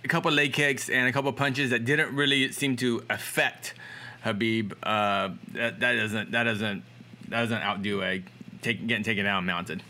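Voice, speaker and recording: Brief: male co-host, mid-pitch bright voice, dry deadpan jokes. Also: moderate pace. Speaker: MMA podcast co-host. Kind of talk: casual chat.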